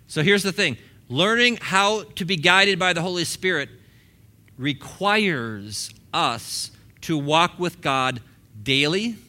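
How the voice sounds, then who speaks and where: A man in his fifties delivers a sermon in a church, talking to the congregation as if in conversation and slipping into quick acted-out quotes. His voice sits slightly high and has a bright, forward edge. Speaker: pastor. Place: church sanctuary.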